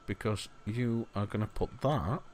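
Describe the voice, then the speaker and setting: A man's voice: on the low side, unhurried, a little mellow, slight background noise. A man giving casual gameplay commentary as a let's play host, chatty and muttering asides to the objects on screen.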